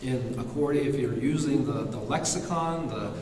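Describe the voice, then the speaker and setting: A man giving an academic lecture, halting with fillers and restarts, now and then singing a short chant phrase. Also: mid-range voice, a little mellow, slight background noise. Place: lecture hall. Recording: echoey hall recorded from far off.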